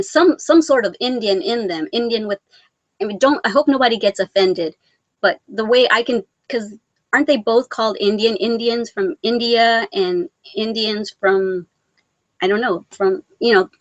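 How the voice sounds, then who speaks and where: A woman of Mexican origin hosts a casual live vlog, reading out viewer comments in a rambling, sentimental, self-deprecating way. Her voice is medium-pitched, with no echo, but the audio quality is poor.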